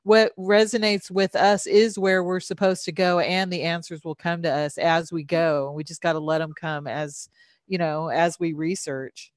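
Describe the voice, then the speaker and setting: A woman's voice: on the low side, fairly even intonation, normal speed, no room sound, clean studio sound. An American woman hosting a casual online chat, full of fillers and easy laughter. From United States. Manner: filler-heavy, hesitant, laughs easily. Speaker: live stream host.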